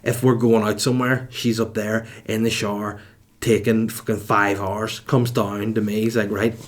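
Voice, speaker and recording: A man in his thirties with a Northern Irish accent, hosting a comedy podcast at home in a cold room, telling stories with animated exasperation and swearing. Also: lowish voice, normal speed. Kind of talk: comedic monologue.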